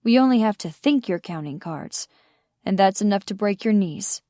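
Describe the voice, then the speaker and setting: A woman's voice: medium pitch, animated, normal speed, warm tone, no room sound, natural voice. A dangerous young man bites off short, mocking lines in an audiobook, voiced by a woman narrator. His menace stays cold and controlled. The recording is dry and close. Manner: clipped and mocking.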